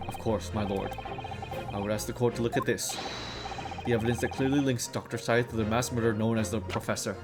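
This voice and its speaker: A man's voice: on the low side, steady tone, fairly quick, close to an everyday voice. A man voicing an earnest young male defense lawyer who argues confidently and methodically, with game music behind.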